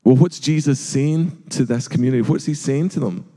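A middle-aged male pastor delivers an earnest, questioning sermon in a brisk, warm, mid-range voice, posing rhetorical questions and sometimes acting out other people's voices. The long reverb of a large hall surrounds the recording.

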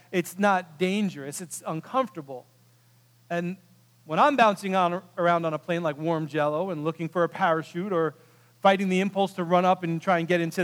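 A man preaching a sermon, telling a story with animated quoted voices, swinging from loud bursts to hushed, quiet moments. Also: high-pitched. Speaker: pastor. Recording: long hall reverb.

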